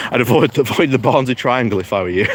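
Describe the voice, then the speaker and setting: An Englishman streaming live while out on a morning walk, talking in a loose, rambling way and chuckling often as he greets viewers by name. His pitch sits at an ordinary middle level. A faint noise hangs behind the voice. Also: animated, a little fast. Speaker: political vlogger reading live chat. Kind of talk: casual live-stream commentary.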